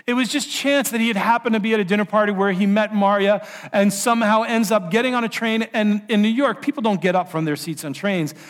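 A man preaching, telling a long story in an animated way and acting out the characters' lines. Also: sits high, brisk, few pauses. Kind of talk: sermon storytelling.

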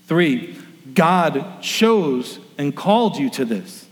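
A man's voice: fairly high pitch, sing-song, takes it slowly. A man preaching a sermon as pastor, telling stories and acting out the people in them. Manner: storytelling, acts out quoted voices. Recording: long reverb of a large room.

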